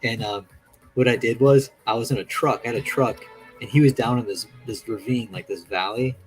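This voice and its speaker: A streaming artist chats casually while drawing, telling stories animatedly and acting out quotes by raising his voice. His mid-range voice moves briskly, with faint music behind and a rough recording quality.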